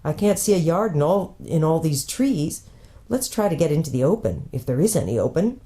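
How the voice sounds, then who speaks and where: A woman voicing a steady, sensible eldest schoolboy with a measured, reasoning tone as she reads a storybook aloud. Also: deep voice. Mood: cautious.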